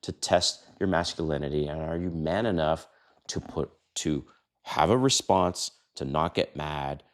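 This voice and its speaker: A man in his fifties hosting a dating advice talk, brash and emphatic, who swears and acts out quoted lines in a higher voice. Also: unhurried. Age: 50s. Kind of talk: casual talking-head advice monologue.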